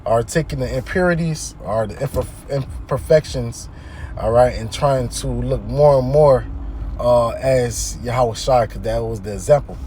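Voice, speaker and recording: Reading scripture aloud and then unpacking it in everyday terms, this man preaches conversationally and keeps checking in with his audience. He has a mid-range, slightly mellow voice and a measured pace, with a little background noise.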